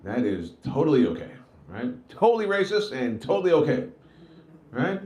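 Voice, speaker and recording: Stand-up comic, forties, male, foul-mouthed, leaning high and swinging widely in pitch. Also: moderate pace. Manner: profane, animated storytelling with lots of "like" and "right?". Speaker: stand-up comedian. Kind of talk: live stand-up set.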